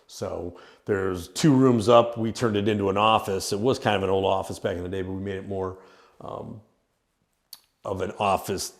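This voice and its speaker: A man's voice: low-pitched, steady tone, normal speed. A man who owns a haunted house, casually explaining it on a tour with lots of fillers and restarts. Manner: rambling, with many fillers and restarts. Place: inside an old industrial building.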